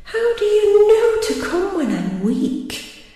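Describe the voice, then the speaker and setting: A woman's voice: very high voice, big pitch swings, slow, mellow. A woman reciting poetry with a wry, theatrical delivery. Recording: roomy hall with long reverb.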